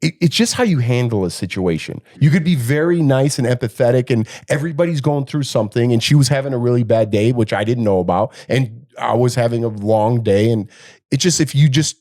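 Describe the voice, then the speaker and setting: A middle-aged man co-hosting a casual podcast, telling a long story and acting out the quotes with a raised, animated voice. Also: mid-range voice, fairly quick. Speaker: podcast co-host.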